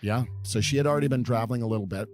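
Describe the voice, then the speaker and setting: A man's voice: mid-range voice, a little mellow, no echo, studio quality. A man in his fifties from California, a podcast guest telling long, meandering stories from his past at an easy pace. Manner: unhurried, meandering storyteller. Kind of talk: reminiscing interview storytelling.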